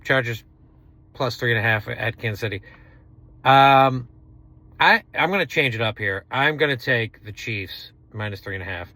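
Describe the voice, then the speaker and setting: A man co-hosting a sports podcast, weighing his football picks out loud with some hesitation. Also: medium pitch, normal speed, no echo. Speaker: podcast co-host. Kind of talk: casual sports betting chat.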